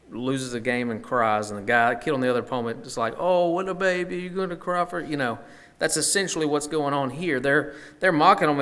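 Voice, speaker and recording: A man's voice: mid-range voice, a bit bright. A man leading a Bible study, teaching conversationally and thinking aloud with frequent fillers and restarts.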